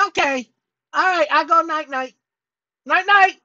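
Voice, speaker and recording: A man voicing his own cranky, childish male alter ego, excitable and stammering as he argues with an unseen helper. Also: very high-pitched, measured pace, dry recording, muffled recording, pitched above the performer's own voice, heavily acted. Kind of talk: comic put-on voice on a video channel.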